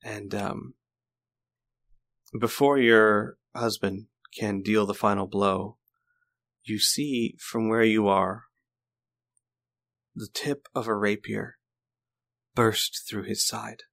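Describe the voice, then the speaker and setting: A man narrates a tabletop game as game master in a low voice. He sets the scene slowly, stopping for fillers now and then. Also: steady tone, creaky, a bit bright. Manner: descriptive, halting with fillers.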